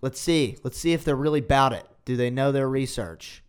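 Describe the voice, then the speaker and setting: A man's voice: medium pitch, brisk, clean tone. Sarcastic man hosting a podcast. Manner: sarcastic, mocking asides. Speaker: podcast host. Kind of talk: casual chat.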